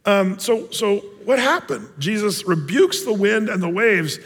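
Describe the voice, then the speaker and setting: A high-voiced man preaches in a loose, conversational way, acting out the voices of the people in his story as he goes. His voice has a husky edge, and it rings with a long echo through a large hall. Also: unhurried. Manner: casual, animated, acts out quoted voices. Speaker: pastor. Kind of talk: sermon.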